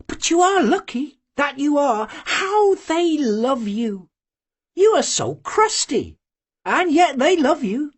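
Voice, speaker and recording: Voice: sits high, big pitch swings, takes it slowly, voice pushed up, heavily acted. A gushing, teasing young village girl, as an audiobook reader puts her on. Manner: eager, gushing, teasing questions. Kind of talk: audiobook character voice.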